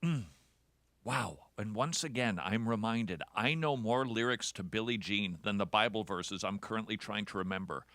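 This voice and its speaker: A man's voice: fairly low pitch, moderate pace, a bit bright, no room sound. A man hosting a radio talk show, delivering a sarcastic, jokey monologue. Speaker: host.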